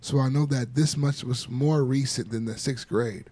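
A man's voice: mid-range voice, steady tone, moderate pace, warm tone. A man co-hosting a podcast, mocking and swearing as he reads out messages in casual banter. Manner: brash, profane, mocking, chanting segment intro. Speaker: podcast co-host.

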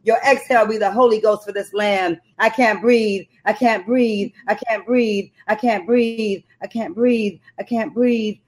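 Poet woman with a rhythmic, impassioned delivery. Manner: slow, rhythmic, impassioned reciting; low-key, reflective talk with fillers. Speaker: poet and author. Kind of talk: spoken-word poem recital and interview talk.

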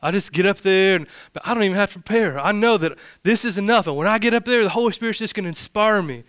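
A man's voice: sits high, fast talker, fairly bright tone, clear, resonant tone, dry recording, studio quality, voice pushed up. A man mocking a lazy Southern preacher. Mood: breezy. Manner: mocking, breezy drawl. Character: lazy, overconfident male preacher who never prepares.

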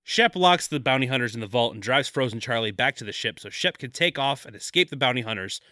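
A man co-hosting a podcast, recapping a movie plot briskly with jokey asides. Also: medium pitch, lively intonation, pushed and bright, no echo, clean studio sound. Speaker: podcast co-host. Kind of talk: casual movie recap chat.

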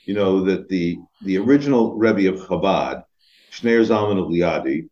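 A man with a lowish voice tells a story slowly and hesitantly, stopping for fillers and restarts. The recording sounds somewhat dull and muffled. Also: expressive, a little mellow. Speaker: rabbi, co-host. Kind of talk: casual storytelling.

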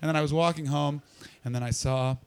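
A man doing a stand-up comedy set and chatting with the crowd, hoarse from losing his voice, loud and sweary, with sudden leaps into a shrieking high register. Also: fairly even intonation, fairly quick.

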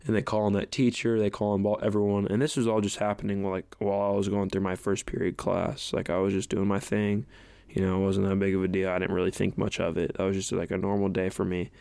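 On his podcast, a young host rambles through a personal story, restarting often and leaning on "like" and "you know." His low-pitched voice is warm, creaky, clear and resonant, delivered flatly at a quick pace. The recording is dry.

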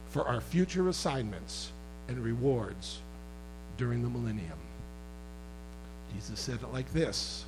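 A man preaching a sermon as pastor, swinging from loud impassioned outbursts to quiet conversational asides and teasing his congregation. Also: mid-range voice, expressive, measured pace, gravelly, long pauses, noisy background.

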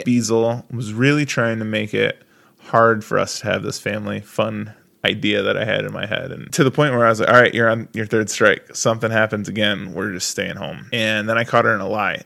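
A man co-hosting a podcast, with a gravelly, fry-laden voice sitting a bit low. He tells family stories in a joking, easygoing chat. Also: lively intonation, fairly quick, a bit bright. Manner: joking, storytelling. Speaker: podcast co-host. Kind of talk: casual chat.

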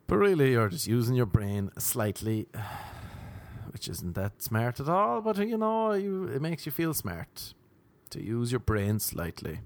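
A comedian in his thirties rambles wryly through a casual monologue on his own podcast, jumping into high voices for quoted asides. His delivery is sing-song and slow.

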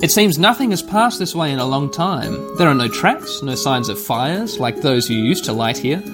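A man's voice: mid-range voice, expressive, moderate pace, music in the background. A man playing a text adventure aloud, reading it out and adding casual, wry asides. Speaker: game player and host.

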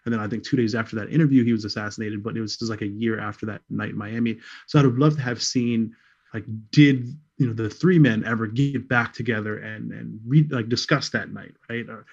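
A low, gravelly, husky-voiced man co-hosts a podcast and talks earnestly about a film he recommends. His mic sounds dull and lo-fi. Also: fairly even intonation, a little fast. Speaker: podcast co-host. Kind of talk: casual film chat.

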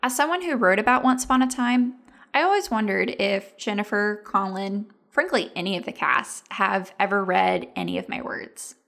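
A woman host with a middle-pitched voice narrates a fan video. She speaks briskly and with enthusiasm. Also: expressive, gravelly, fairly bright tone. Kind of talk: casual narration.

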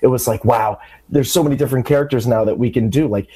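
A man's voice: mid-range voice, quick pace, mellow, slightly rough. A man hosting a casual fan interview, talking with eager enthusiasm. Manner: enthusiastic, chatty. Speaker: host.

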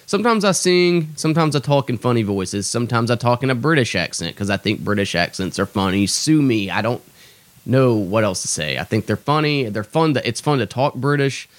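With lively intonation and a fairly quick pace, this young comic's mid-range voice carries a profane, fed-up, self-mocking podcast monologue. There is no echo.

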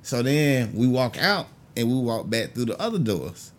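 A man from Augusta, a comedian telling stories in a casual, animated way and acting out the people he quotes. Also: moderate pace. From Augusta, Georgia, US. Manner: animated, acts out quoted people with big pitch jumps. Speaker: stand-up comedian guest. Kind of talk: casual storytelling.

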